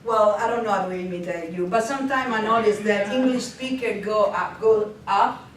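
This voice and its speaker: A woman's voice: medium pitch, moderate pace. Woman presenting in a very echoey room. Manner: lively, often laughing, frequent hesitations. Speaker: language instructor presenting at a teaching workshop. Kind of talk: workshop presentation. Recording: very echoey, distant, faint noise.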